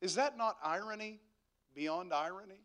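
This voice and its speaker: A male pastor delivers a sermon in a high, bright, ringing voice. He preaches emphatically, repeating phrases and throwing rhetorical questions at the congregation. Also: moderate pace.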